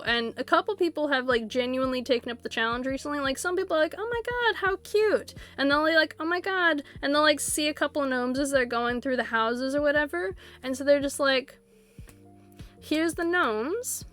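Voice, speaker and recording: A high-pitched woman chats to her live-stream audience while she plays, rambling from one thing to the next. She laughs often and acts out excited little quotes. Faint music plays underneath. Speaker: Twitch streamer. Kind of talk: casual live-stream chat.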